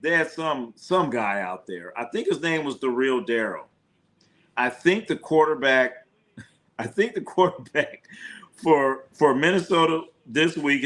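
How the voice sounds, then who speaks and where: A man's voice: mid-range voice, bright, forceful tone. A man recapping football scores on a live stream, rambling and profane, repeating himself as he riffs. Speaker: sports streamer. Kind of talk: casual sports recap.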